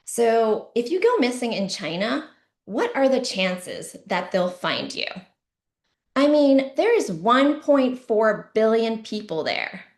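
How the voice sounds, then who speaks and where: Middle-aged female comic, deadpan with shouty bursts, bright high voice, roomy echo. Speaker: stand-up comedian. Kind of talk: stand-up comedy set.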